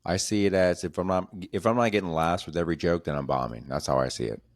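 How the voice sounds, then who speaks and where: A young man hosting a podcast, chatting casually, swearing and rambling through a story while putting on quick voices for other people. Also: low voice, dry recording, clean studio sound. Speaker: podcast host and comedian. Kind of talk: casual chat.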